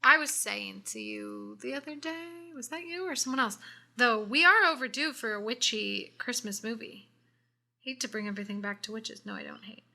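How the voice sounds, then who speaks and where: A young woman, co-hosting a casual makeup chat and telling stories in a chatty, animated way. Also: a little high, normal speed. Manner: chatty, animated storytelling with frequent "like". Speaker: co-host.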